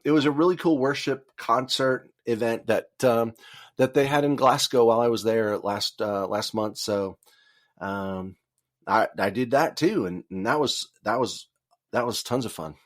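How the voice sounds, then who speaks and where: A man, a guest author, talking casually in a podcast interview, wandering through his thoughts with frequent fillers and restarts. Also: mid-range voice. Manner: rambling with many fillers and restarts.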